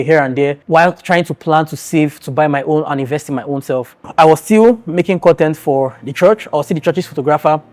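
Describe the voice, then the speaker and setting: A man's voice: on the high side, darkish tone. A young man from Nigeria telling his life story in an earnest, emotional storytime vlog, talking straight to his viewers. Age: young adult. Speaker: vlogger.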